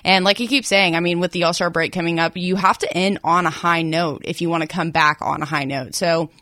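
A young woman co-hosting a sports radio show, chatty and bubbly with quick laughs. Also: fairly low pitch, fairly even intonation, pushed and bright, no echo. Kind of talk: casual sports talk.

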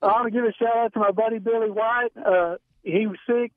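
A man's voice: high voice, fairly even intonation, dry recording. Eager man on a tinny phone line. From Texas. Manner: quick, eager shout-outs. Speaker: radio caller.

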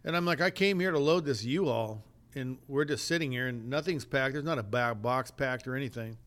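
This is a podcast co-host with a mid-range voice and a slightly quick delivery. In casual conversation he tells a story, animatedly mimicking the people he quotes.

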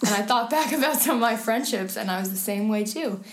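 A woman's voice: fairly high pitch, lively intonation, fairly quick. A young woman, a guest in an interview, telling personal stories in a chatty, candid way with many fillers. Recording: roomy echo.

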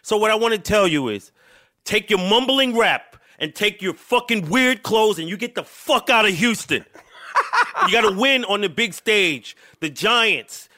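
A man's voice: high voice, expressive, a little slow, bright, forceful tone. A man co-hosting a podcast, trash-talking sports with lots of profanity. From New York. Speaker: podcast co-host. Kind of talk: casual sports chat.

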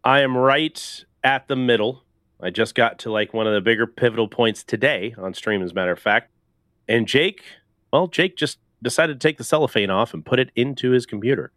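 A man's voice: mid-range voice, fairly quick, fairly bright tone, dry recording, studio quality. A man hosting a casual gaming podcast, rambling loosely and laughing often. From Canada. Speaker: podcast host.

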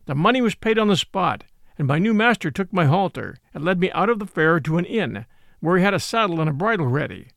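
A man reading a classic novel aloud as an audiobook, in a gentle storytelling manner. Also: high voice, very animated, fairly quick, creaky, no echo, clean studio sound. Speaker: audiobook narrator. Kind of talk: scripted narration of a classic novel.

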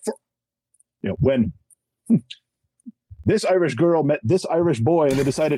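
A man's voice: on the high side, animated, dark tone, slightly rough, poor audio. A middle-aged man, a podcast guest, telling his faith story in an emphatic, preachy way with self-deprecating humor. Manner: emphatic and preachy, acts out quick voices. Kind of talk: animated conversational testimony.

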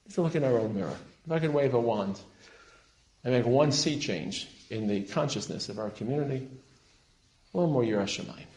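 A man lecturing to a congregation as a rabbi, passionate and emphatic, sprinkling Hebrew terms and rising to loud peaks. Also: medium pitch, lively intonation, brisk. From Israel. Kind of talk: sermon-style lecture. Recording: roomy hall echo.

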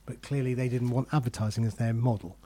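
A man's voice: medium pitch, fairly even intonation, fast, warm tone. A middle-aged man hosting a podcast, chatting casually and telling self-deprecating stories from his career. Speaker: podcast host. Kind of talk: casual conversation.

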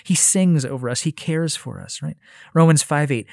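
A man's voice: a little high, normal speed, gravelly, dry recording, studio quality. A man giving a conversational Bible teaching, earnest and thinking aloud, often restarting his phrases. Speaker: Christian teacher.

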